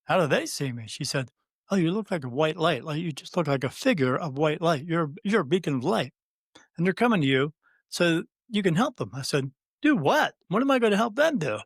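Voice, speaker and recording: A man's voice: a little high, expressive, brisk, breathy edge, dry recording, studio quality. A man in his fifties, a guest on an interview, telling a personal story with many fillers and restarts and acting out the quoted dialogue. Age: 50s. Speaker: guest, spirit medium.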